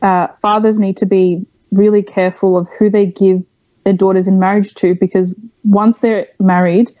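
Guest: young woman from Australia, candid interview, mellow dry voice, animated storyteller. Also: medium pitch, moderate pace, no room sound, muffled recording. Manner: frank, animated storytelling with many fillers. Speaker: podcast guest.

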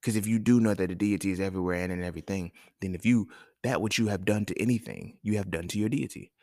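Male podcast host, very low gravelly voice, blunt profane rant, dry close mic. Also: quick pace, dry recording. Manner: blunt, profane, animated rants with rhetorical questions. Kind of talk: casual solo podcast monologue.

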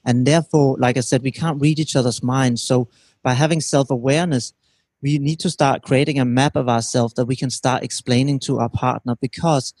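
A man giving a calm, teacherly explanation as a guest in an interview, often checking in with his listener. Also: medium pitch, fairly quick, slightly rough, dry recording. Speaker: relationship expert guest.

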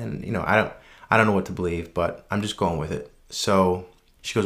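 A man casually telling a personal anecdote, relaxed and unscripted, with frequent ums and restarts, earnest and reflective. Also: low voice, brisk. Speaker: storyteller.

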